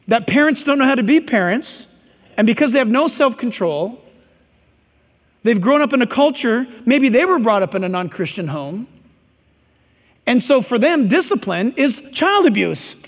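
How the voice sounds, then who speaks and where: A man preaching a sermon in a church, emphatic and preachy with joking asides. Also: very high voice. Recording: long hall reverb.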